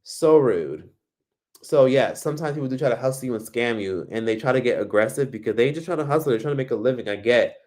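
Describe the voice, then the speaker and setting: A man from Miami, United States, hosts a casual livestream, reading comments and handing out blunt, profane advice. His mid-range voice has a darkish tone, and he talks fast with few pauses.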